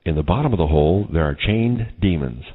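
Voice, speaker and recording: A man's voice: low-pitched, expressive, brisk, breathy edge, narrow, tinny audio. A man solemnly recounting a vision as a personal testimony. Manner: solemn, grave retelling of a vision. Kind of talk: testimony narration.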